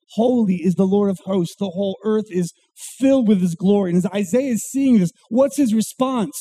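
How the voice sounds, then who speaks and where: A man preaching a sermon, acting out quotes with dramatic pauses and a wide swing from loud to hushed. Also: high voice, dry recording. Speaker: pastor.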